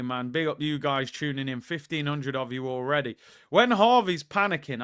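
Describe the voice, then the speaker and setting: Guy hosting a live stream, chatty and loose, kinda high voice, reads out comments from chat. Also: a bit bright, clear, resonant tone. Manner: chatty, reads out viewer comments and keeps addressing the audience as "people". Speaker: football fan channel host. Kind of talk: casual livestream chat.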